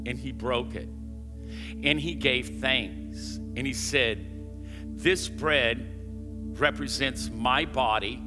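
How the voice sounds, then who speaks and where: A middle-aged male pastor preaches in a big church, booming one moment and dropping to a near-hush the next, with a mid-range voice. His words ring out through a long reverberant hall while a band plays clearly behind him. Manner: emphatic preaching, swinging between loud high declarations and hushed low asides; punctuates with catchphrases to the crowd. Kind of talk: sermon. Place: large church sanctuary. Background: band playing.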